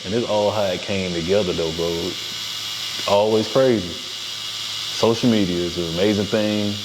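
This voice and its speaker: Relaxed Georgia man, hissy recording. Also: sits low, measured pace. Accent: Southern US, Georgia. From Fort Valley, Georgia. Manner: relaxed, storytelling, slangy. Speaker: podcast host, interviewer. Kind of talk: casual podcast chat.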